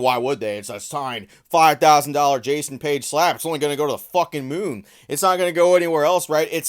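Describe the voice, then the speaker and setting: A man giving sarcastic, profane commentary on trading card listings in a casual vlog. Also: mid-range voice.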